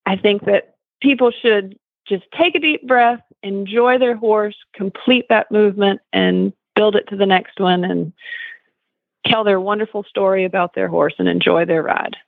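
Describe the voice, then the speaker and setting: A woman, a dressage judge and trainer, giving a measured, deliberate tip on a radio show. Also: mid-range voice, fairly even intonation, vocal fry, no echo. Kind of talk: casual radio show chat. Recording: tinny phone line.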